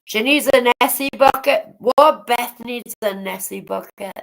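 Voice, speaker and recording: Blunt, gravelly woman. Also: on the high side, a little slow, low-quality recording. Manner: blunt, swears freely, talks to chat by name. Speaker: livestreamer. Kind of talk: casual live-stream chat with viewers.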